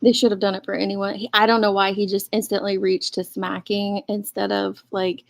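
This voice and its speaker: A woman hosting a casual livestream, chatting with her guests and reacting with quick asides. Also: medium pitch, flat delivery, creaky, no echo. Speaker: host. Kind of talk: casual livestream chat, reading a statement aloud.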